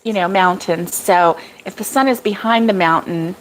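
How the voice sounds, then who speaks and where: A woman's voice: lowish voice, normal speed, a little hiss or hum, low-quality recording. A middle-aged woman hosting a casual live stream from a cabin, chatty, laughing often and reading viewer comments aloud. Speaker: crochet vlog host. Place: cabin in the woods.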